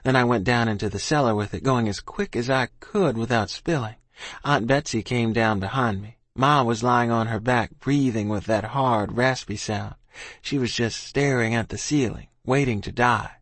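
A man narrating a story in first person, in an earnest, steady manner. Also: medium pitch, moderate pace, no room sound. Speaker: audiobook narrator.

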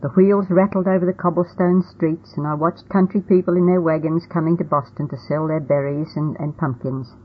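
A woman narrating a first-person storybook in a plain, steady reading manner. The sound is tinny and phone-like. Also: deep voice, normal speed, few pauses, a little hiss or hum. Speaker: audiobook narrator.

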